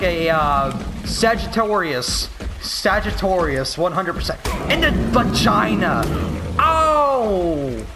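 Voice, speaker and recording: Excitable young man yelling over a game. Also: fairly high pitch, rough recording. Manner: swings from mock grief to frantic yelling and swearing. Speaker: gameplay commentator. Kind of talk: casual gaming commentary.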